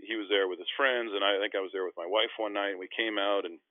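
A man from Canada, a former basketball teammate, recalling stories in an easygoing, halting way. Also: on the low side, steady tone, no echo. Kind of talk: casual anecdotal storytelling. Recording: tinny phone-line audio, dry.

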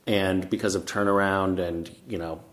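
Self-mocking man in a relaxed chat. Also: deep voice, normal speed. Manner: relaxed, self-mocking, many fillers and restarts. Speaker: actor guest. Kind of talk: casual interview chat. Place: castle in Scotland.

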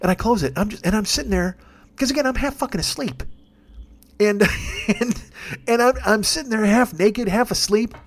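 A man hosting a podcast, telling a rambling comic story in a casual, swearing, animated way. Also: high voice, normal speed, pauses often, slight background noise. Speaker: podcast host. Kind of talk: comedic storytelling.

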